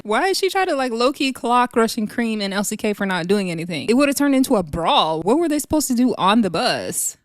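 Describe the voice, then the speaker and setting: A woman's voice: medium pitch, animated, a little fast, hardly any pauses, no echo, clean studio sound. A woman giving casual, opinionated commentary on a reality show, chatty and laughing often.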